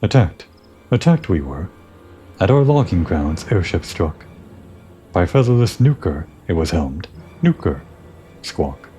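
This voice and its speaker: A man's voice: sits low, sing-song, a little slow, pauses often, warm tone, faint music behind. A man voicing a squawking, agitated bird-beast tribesman who speaks in terse inverted phrases, reading game dialogue aloud.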